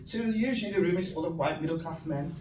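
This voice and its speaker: A woman, giving an animated, humorous storytelling speech to an audience. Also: on the low side, quick pace. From northern England. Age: 60s. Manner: animated, humorous, acts out quoted voices. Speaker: guest speaker. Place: event venue room. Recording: echoey room, distant mic, audience noise.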